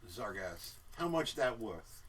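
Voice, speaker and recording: A co-host chatting and reading viewer comments on a live stream, with bright, bouncy delivery and lots of pitch movement. The voice is picked up from a distance by the mic, with faint noise behind it. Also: slow pace. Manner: lively, playful, reads chat aloud in animated voices. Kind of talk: casual chat, reading viewer messages.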